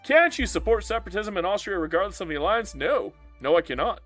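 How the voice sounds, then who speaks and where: A man's voice: high-pitched, big pitch swings, fast, fairly bright tone, soft background music. A man live-streaming a strategy game and bantering playfully with his chat as he reads their messages aloud.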